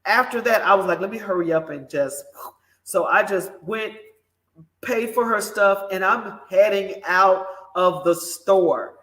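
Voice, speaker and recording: A woman host shares a personal story at an easy, unhurried pace. She talks with animated emphasis, turning often to address her audience. Her voice rings in a roomy, echoing space. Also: mid-range voice. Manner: animated, emphatic, speaks directly to listeners. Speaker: morning show host. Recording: roomy echo.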